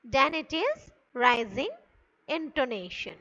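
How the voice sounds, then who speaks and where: A woman teacher speaks in a bright, high voice that moves widely up and down. She explains slowly and deliberately, as in a classroom lecture. The recording is dull and lo-fi. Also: sing-song. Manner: slow, deliberate, demonstrating pitch on example sentences.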